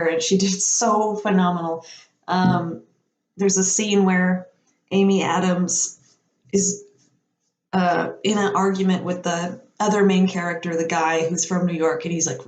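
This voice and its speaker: A woman's voice: lowish voice, a little mellow, a little hiss or hum. A woman telling rambling everyday stories in a casual chat, laughing often and acting out the people she quotes. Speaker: podcast speaker. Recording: roomy echo.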